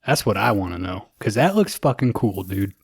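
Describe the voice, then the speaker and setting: A man's voice: fairly low pitch, sing-song, normal speed, breathy edge, no room sound, studio quality. A man co-hosting a podcast, loose and joking with plenty of swearing. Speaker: podcast co-host. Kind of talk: casual banter.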